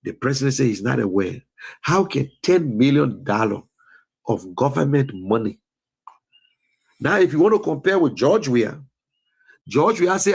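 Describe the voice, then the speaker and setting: Impassioned husky man, Liberian English. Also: medium pitch, big pitch swings, normal speed. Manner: preachy, rising to scolding peaks. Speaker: political commentator. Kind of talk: impassioned political talk show monologue. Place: lives in the US.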